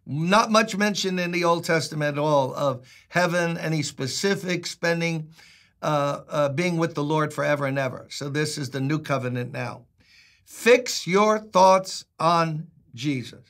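A moderately paced, slightly high voice with a bit of brightness belongs to an older pastor from Brooklyn, New York. He speaks with a New York accent. His Bible teaching is chatty and emphatic, with jokes mixed in.

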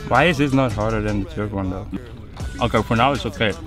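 A man's voice: on the low side, quick pace. A young man chatting playfully with friends and laughing often during a spicy sauce challenge. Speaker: trampoline trick player. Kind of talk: casual chat between friends. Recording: loud background music.

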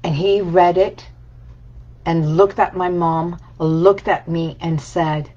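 A woman coach speaking slowly and deliberately in a slightly low voice. She is reflective, repeating and layering her phrases like a list. The recording sounds dull and lo-fi. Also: fairly even intonation, a little mellow. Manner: reflective and repetitive, building phrases in lists. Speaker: healing coach. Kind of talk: motivational talk.

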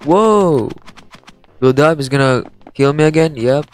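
A man hosting a gaming channel, giving excitable gameplay commentary and repeating playful taunts at other players. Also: on the high side, measured pace, faint music behind.

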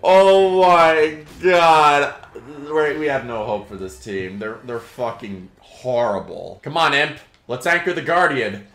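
Young guy gaming, cussing out his team, bright sharp voice, roomy echo. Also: medium pitch, takes it slowly. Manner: swears and yells at teammates, sarcastic. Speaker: gaming YouTuber. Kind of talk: gameplay commentary.

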